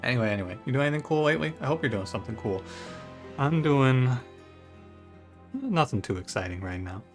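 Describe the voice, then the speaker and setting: A man's voice: medium pitch, animated, a little fast, soft background music. A man casually chatting to his viewers in a rambling way while commenting on his gameplay. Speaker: gaming YouTuber.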